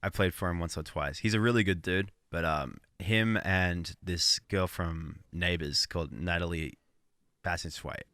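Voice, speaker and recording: A man's voice: low-pitched, unhurried, sharp tone, dry recording, studio quality. A man from Australia, co-hosting an album chat in a laid-back, joking way with casual swearing. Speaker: co-host reviewing albums.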